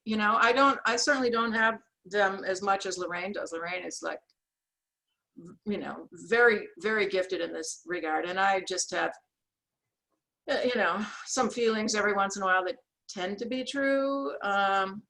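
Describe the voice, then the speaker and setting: A woman with a bright, clear-edged voice tells her story with animation. She acts out the people she quotes and restarts her sentences often. She is speaking as a guest over a video call. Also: medium pitch, rough recording. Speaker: guest, author and sketch artist. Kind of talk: storytelling in an interview.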